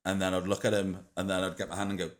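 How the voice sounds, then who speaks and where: A man's voice: low voice, flat delivery, racing. A young adult man hosting a podcast, telling stories in a rambling way with lots of fillers and swearing. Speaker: podcast host. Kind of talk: casual chat.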